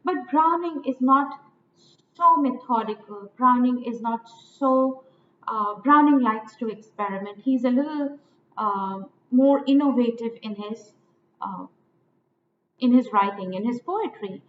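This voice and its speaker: A woman lecturing on poetic meter, slow and deliberate, repeating lines and stressing each syllable. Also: on the high side. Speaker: literature teacher. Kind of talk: poetry lecture. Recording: echoey, tinny phone-like audio with faint noise.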